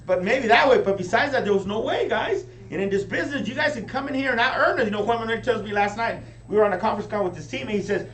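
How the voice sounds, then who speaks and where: High-voiced man pumping up a crowd. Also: quick pace, few pauses. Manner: energetic, keeps asking the crowd "right?". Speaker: business team leader training recruits. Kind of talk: motivational training talk to a live audience. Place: meeting room with an audience. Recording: echoey room, distant mic, faint hum.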